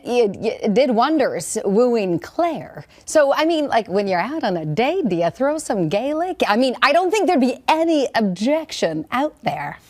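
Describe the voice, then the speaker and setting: A woman's voice: fairly high pitch, darkish tone. A woman co-hosting a morning show, asking interview questions in a playful, teasing way.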